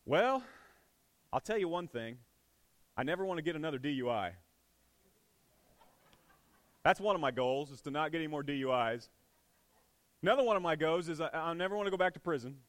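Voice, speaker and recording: A man's voice: on the high side, animated, brisk, pauses often, no room sound, lightly acted. A man putting on a drawling ex-con boyfriend. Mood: sheepish boasting. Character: young man boyfriend, ex-convict, aimless.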